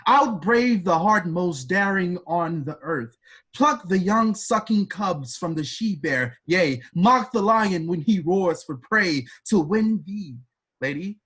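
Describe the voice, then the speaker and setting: A man reading a slow boastful prince. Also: high voice, animated, fairly bright tone, husky, full character voice. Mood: proud. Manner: measured, declaiming verse. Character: proud boastful foreign prince, male adult. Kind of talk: amateur play reading.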